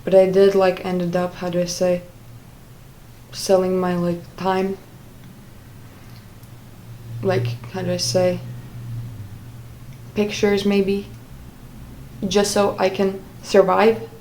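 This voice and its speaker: A young woman telling a personal story in a casual, halting way, often stopping to search for words. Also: lowish voice, monotone, warm tone, a little hiss or hum, low-quality recording. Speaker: vlogger.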